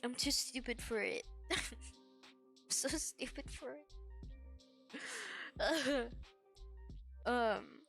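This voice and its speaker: A woman streams in a loose, meandering chat, sounding tired and yawny. Her voice sits a bit high and she takes her time, trailing off into giggles between filler-laden thoughts. Soft music plays faintly behind her. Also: very slow, vocal fry, pauses often. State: tired, yawning. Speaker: VTuber streamer. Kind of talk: casual rambling stream chat.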